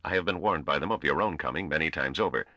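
A man reading an audiobook voices a small, scornful old male ruler who speaks in a curt, squeaky, coldly formal manner. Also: fast, sharp tone, no room sound, full character voice. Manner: snapping, intoning, coldly formal. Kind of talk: audiobook character voice.

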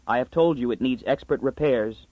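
A man's voice: mid-range voice, normal speed, dry recording, narrow, tinny audio, close to an everyday voice. A man voicing a sullen young farmer's son.

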